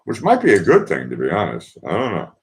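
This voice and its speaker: A man with a Boston accent hosts his own livestream and chats in a loose, meandering way, cracking jokes and trailing off into "uh"s. His voice sits very low. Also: huge pitch swings, brisk, slight background noise. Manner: chatty, joking, meandering with many fillers. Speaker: livestream host. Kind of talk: casual rambling monologue. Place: indoors in Vienna.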